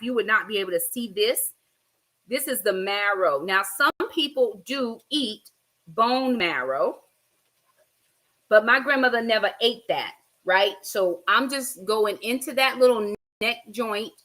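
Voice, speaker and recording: For her casual cooking vlog, a middle-aged American woman chats while cooking in her home kitchen and gives viewers blunt, friendly advice. Her medium-pitched voice sounds pushed and bright. She's a bit far from the mic.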